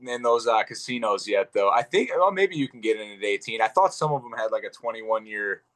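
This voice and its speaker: Laid-back, low-voiced young man rambling. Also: a little fast. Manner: relaxed, rambling, lots of fillers and swearing. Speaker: guest fighter. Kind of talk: casual interview chat.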